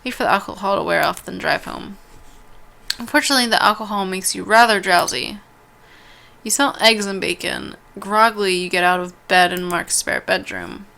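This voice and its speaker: A woman with a bright, clear-toned voice reads an interactive story game aloud. She trips over longer words, restarts her lines and slips in casual asides between passages. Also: mid-range voice, normal speed. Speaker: let's-play host.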